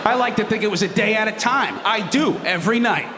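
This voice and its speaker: A man's voice: high-pitched, fairly quick, big-room sound, noisy background. A man doing stand-up storytelling on stage in a crude, rambling, profane way. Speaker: stand-up comedian. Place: comedy stage before an audience.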